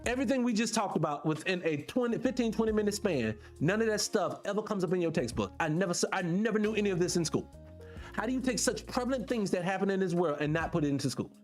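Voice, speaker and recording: Here's a man with a high, lively voice, swinging up and down constantly as he holds forth on his show. He talks straight to his audience in a loose, profane monologue, piling on rhetorical questions. Soft music plays faintly behind him. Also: fast talker. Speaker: podcast host. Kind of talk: casual monologue to viewers.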